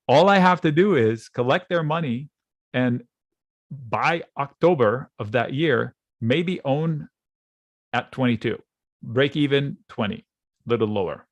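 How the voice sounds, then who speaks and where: A man teaching options trading in a relaxed, conversational way, acting out panicked traders in quick asides while he draws on charts. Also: medium pitch, no echo. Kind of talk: screen-share trading lesson. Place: at a computer, drawing on charts.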